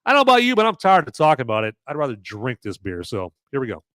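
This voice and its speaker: A man's voice: mid-range voice, fast talker, no room sound. Rambling man with a dry close sound. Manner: rambling and animated, often tagging lines with "okay?". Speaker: podcast host. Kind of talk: casual beer review on a podcast.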